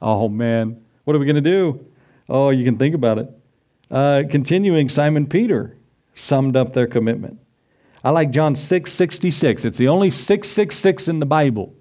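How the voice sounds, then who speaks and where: A man preaching a sermon, emphatic, rising on key points and reading scripture slowly and deliberately. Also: on the high side, animated, warm tone. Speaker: pastor.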